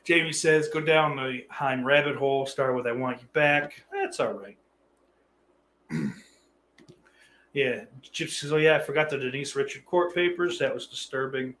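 Man, thirties, casual stream host, swears a lot, offhand and sardonic, middle pitch. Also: normal speed, fairly bright tone, slight background noise. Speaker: livestream host reading chat. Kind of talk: casual rambling chat.

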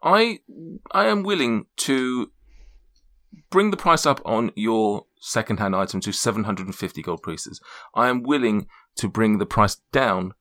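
A man voicing a calm, polite male magic-item shopkeeper who haggles in formal, measured speech. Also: on the low side. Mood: haggling.

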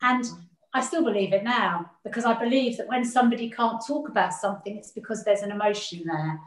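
Speaking a little fast at medium pitch, a woman being interviewed talks sincerely about her family. She repeats words frequently as she collects her thoughts, and the room adds noticeable echo.

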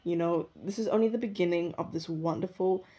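A young woman talks alone on her podcast, rambling and reflective, stopping often to correct her own words. Her voice sits low and mellow. The recording is a little muffled and lo-fi. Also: brisk. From South Africa. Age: young adult. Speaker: podcast host. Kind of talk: casual solo podcast monologue. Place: indoors at her usual recording spot.

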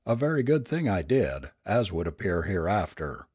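Low husky male storyteller. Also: no room sound, clean studio sound. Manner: measured storytelling with expressive swings. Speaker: audiobook reader. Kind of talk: reading a ghost story aloud.

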